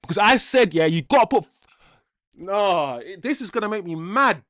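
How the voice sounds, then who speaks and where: Male watch-along host, frustrated rant full of curses, fairly high voice, dry close sound. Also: lively intonation, normal speed, fairly bright tone, dry recording. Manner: exasperated ranting with frequent swearing; repeats himself while venting. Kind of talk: live football watch-along commentary.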